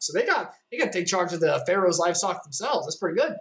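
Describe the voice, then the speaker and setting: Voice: medium pitch, animated, quick pace, few pauses, low-quality recording. Casual streamer reading scripture. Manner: conversational, joking asides, many "like" fillers. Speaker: streamer leading a devotional. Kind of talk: casual Bible reading with commentary.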